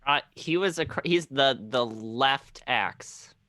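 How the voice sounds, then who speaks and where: Laid-back slow-talking player. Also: male voice, medium pitch, sharp tone, no echo. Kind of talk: tabletop game play.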